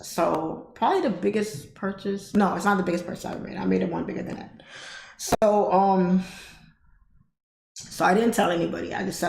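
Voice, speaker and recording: A woman's voice: lowish voice, normal speed, creaky, pauses often, slight background noise. A woman hosting a livestream, telling a story in a casual, chatty way and laughing often. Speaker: trading livestream host. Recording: roomy echo.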